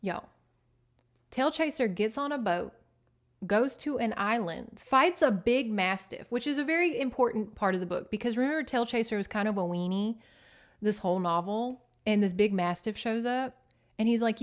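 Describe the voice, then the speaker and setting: A woman hosting a casual book-recap podcast, chatty, animated and freely profane. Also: fairly high pitch, normal speed. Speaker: podcast host.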